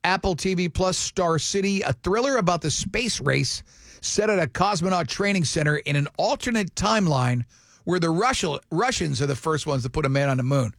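A man on morning radio with a slightly high voice, wry and teasing. His delivery is quick and chatty, and the studio mic sounds dry and close. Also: animated, fairly bright tone, no room sound. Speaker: radio show co-host. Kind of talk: casual morning radio banter.

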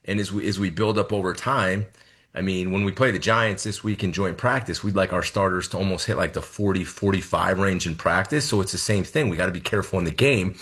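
A man's voice: sits low, brisk, fairly bright tone, breathy edge. A man in his thirties, a head football coach, explaining his choices in a radio interview and repeating words as he thinks.

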